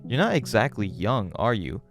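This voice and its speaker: A man voicing an unfazed little girl in a flat, deadpan, slow way, close to his own voice. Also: fairly low pitch, vocal fry, soft background music.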